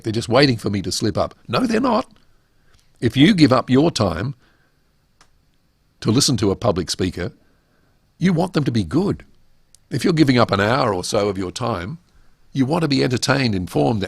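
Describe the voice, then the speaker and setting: A man's voice: medium pitch, breathy edge, no room sound, clean studio sound. An older man with an Australian accent hosting a webinar on public speaking, talking emphatically and asking rhetorical questions. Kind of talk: instructional talk.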